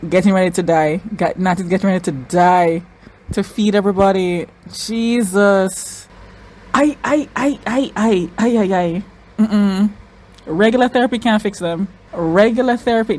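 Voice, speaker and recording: A woman hosting a reaction video, talking excitedly and repeating her exclamations, tearful at times. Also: medium pitch, normal speed, poor audio. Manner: exclaiming, repeats phrases, says y'all. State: crying.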